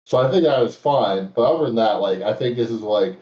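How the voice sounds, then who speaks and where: A man's voice: medium pitch, expressive, fairly quick. A man giving his thoughts on a comic in a casual chat, thoughtful and hesitant with many fillers. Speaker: guest panelist. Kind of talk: casual chat on a live stream. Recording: dull, roomy, distant mic.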